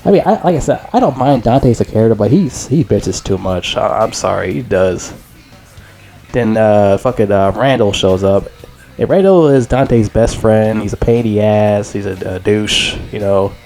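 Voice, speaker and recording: A man in his twenties talks through a film in a loose, rambling way, swearing freely and giving blunt opinions. His voice sits fairly low. Faint music plays behind him. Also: lively intonation, moderate pace, darkish tone. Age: 20s. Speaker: movie reviewer. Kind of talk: casual vlog review.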